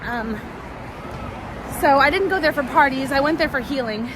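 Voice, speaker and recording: A woman with a high voice tells a long personal story as she walks along a city street. She talks in a chatty, wandering way, full of ums and restarts. Loud street noise surrounds her. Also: animated, normal speed. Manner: chatty, rambling, with many fillers and restarts. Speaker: vlogger. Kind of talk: casual storytelling while walking.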